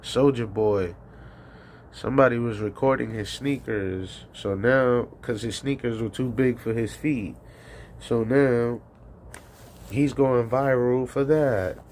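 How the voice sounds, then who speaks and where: A man's voice: medium pitch, slow pace, darkish tone, a little hiss or hum. A man hosting a call-in livestream, rambling casually with profanity and frequent laughter. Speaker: call-in show host.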